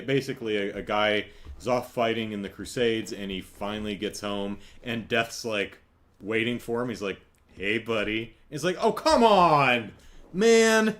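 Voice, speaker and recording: A man hosting a casual solo podcast, rambling and correcting himself as he tells stories. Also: lowish voice. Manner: rambling, self-correcting, animated storytelling. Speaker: podcast host.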